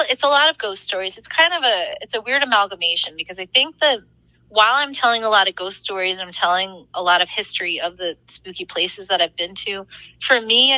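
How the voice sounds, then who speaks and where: Young woman, bright forceful voice, dry close sound, chatty, excitable, frequent laughs, casual storytelling guest. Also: medium pitch, dry recording, rough recording. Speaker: podcast guest, author.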